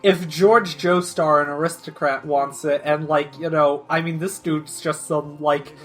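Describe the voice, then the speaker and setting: A young adult co-host in casual commentary chat, rambling with lots of fillers and sudden animated leaps in pitch. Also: unhurried, faint music behind.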